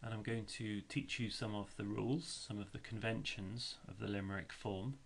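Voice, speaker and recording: A man's voice: on the low side, fairly even intonation, normal speed, vocal fry, slight background noise. A male teacher explaining a lesson step by step, chanting rhythms aloud to show the beat.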